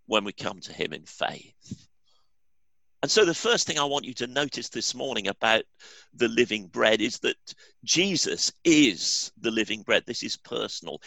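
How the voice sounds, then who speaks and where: A man's voice: fairly low pitch, gravelly, sharp tone, no room sound. A male pastor preaching a sermon in an earnest, emphatic way.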